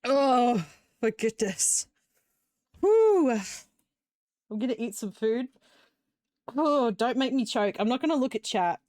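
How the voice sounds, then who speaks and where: A woman's voice: a little high, expressive, takes it slowly, pauses often, a little mellow, no room sound, studio quality. A young woman streaming while she builds Lego, chatting casually and breaking into long fits of giggles.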